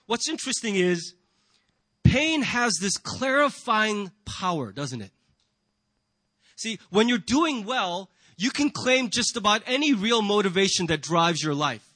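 A man's voice: high voice, expressive, unhurried, pushed and bright, no room sound. A man preaching a sermon to a congregation in a church, earnest and emphatic, often asking rhetorical questions. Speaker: pastor.

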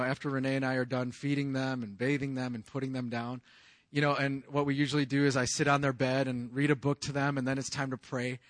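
A man in his thirties preaching a sermon in an earnest, confessional way, moving from hushed lines to loud raised outbursts. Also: mid-range voice, no echo. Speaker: pastor.

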